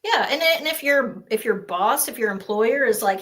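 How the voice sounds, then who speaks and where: A woman's voice: fairly high pitch, lively intonation, normal speed, hardly any pauses, a bit bright. A woman appearing as a guest on an interview podcast, speaking candidly and a bit hesitantly. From United States. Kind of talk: conversational interview.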